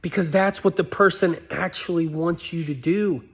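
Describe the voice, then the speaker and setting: A man telling a personal story in an earnest, pleading way, his voice climbing high when he begs. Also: moderate pace, slightly rough. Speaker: motivational speaker.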